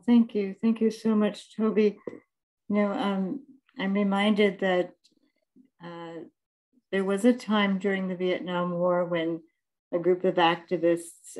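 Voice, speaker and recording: Slow, reflective woman moderator. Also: fairly low pitch, a little mellow, poor audio. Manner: reflective, measured. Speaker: panel moderator. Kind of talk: panel talk.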